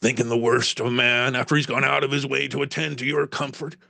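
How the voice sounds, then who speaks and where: Surly coach driver, low spitting growl, voiced by a man, gravelly. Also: little pitch movement, fast talker, pushed and bright, no room sound. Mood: spiteful. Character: surly rough male coach driver, hostile.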